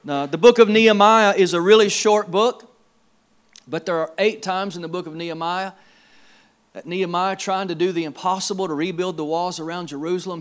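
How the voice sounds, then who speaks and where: A male pastor preaching a sermon in a church service, emphatic, repeating words and swinging between quiet and loud. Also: sits high, steady tone, fairly quick.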